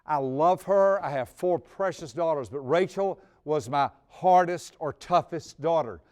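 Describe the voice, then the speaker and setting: A man's voice: a little high, unhurried, darkish tone. A man in his sixties telling a personal story on stage before an audience, folksy and humorous, sometimes repeating his words. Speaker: speaker on personality types.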